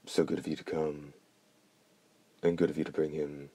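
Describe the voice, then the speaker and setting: A man's voice: rumbling low, little pitch movement, moderate pace, warm tone, husky, no room sound. A man voicing a bitter, mutilated old male steward who speaks in a formal, polite way.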